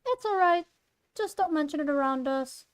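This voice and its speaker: A woman voicing a bubbly, excitable teen girl who talks in an eager, chirpy way. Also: high voice, moderate pace. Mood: cheerful.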